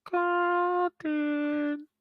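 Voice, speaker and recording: A man voicing a bag of drugs that calls out from a drawer in a creepy, high, sing-song falsetto. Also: little pitch movement, very slow, narrow, tinny audio, full character voice. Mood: taunting.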